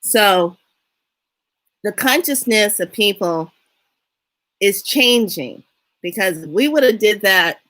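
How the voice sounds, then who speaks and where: A middle-aged woman telling a story in a casual monologue, unhurried and animated, acting out what people said. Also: medium pitch. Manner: unhurried, animated retelling with acted-out quotes. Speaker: spiritual reader and vlogger.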